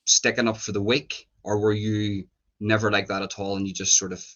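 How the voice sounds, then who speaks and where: Chatty, low-voiced male interviewer. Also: level tone, normal speed, a bit bright, muffled recording. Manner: chatty, searching questions, filler-heavy. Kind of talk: casual interview.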